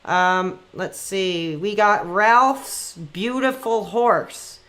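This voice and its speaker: A man hosting a live call-in stream in a rambling, quick-tempered, often exasperated way. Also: high voice, pushed and bright.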